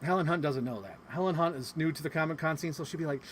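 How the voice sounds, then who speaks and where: Male host, slightly high voice, animated and loose, lots of "like", casual chat. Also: fast talker, few pauses, slight background noise. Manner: animated, rambling, swears often, heavy use of "like". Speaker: podcast host. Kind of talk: casual chat recapping a convention.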